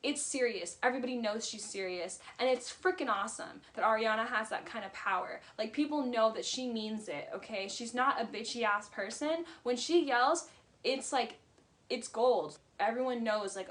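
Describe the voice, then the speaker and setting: Bright, blunt woman vlogger. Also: fairly high pitch, normal speed. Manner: blunt, heated, swears freely. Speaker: vlogger recapping a reality show. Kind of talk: casual commentary.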